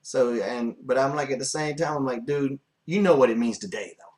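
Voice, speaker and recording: A man's voice: mid-range voice, a little fast, darkish tone. A man hosting a podcast in casual chat, laid-back and teasing. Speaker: podcast host, wrestler.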